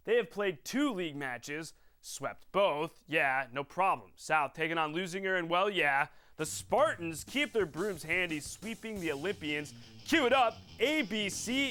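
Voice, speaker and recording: Playful bright-voiced sports show host. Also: male voice, on the high side. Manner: playful, sings snippets and does bits. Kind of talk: scripted sports news with jokes. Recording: music bed underneath.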